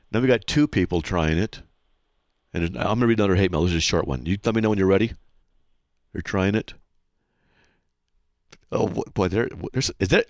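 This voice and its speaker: Animated man hosting a radio call-in show. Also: mid-range voice, vocal fry, no echo, clean studio sound. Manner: animated and mocking, with frequent laughs. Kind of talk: call-in radio talk, reading listener mail. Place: radio studio. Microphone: studio mic.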